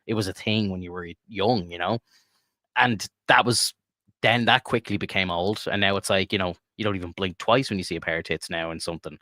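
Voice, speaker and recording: A man's voice: deep voice, a little fast, sharp tone, no echo, clean studio sound. A young man co-hosting a casual podcast chat, swearing freely, rambling with lots of "like" and laughing often. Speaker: podcast co-host.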